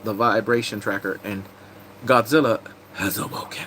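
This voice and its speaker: A man casually recapping TV episodes, excitable and rambling, breaking into sudden high squeals. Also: normal speed, a little hiss or hum, poor audio. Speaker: TV recap host.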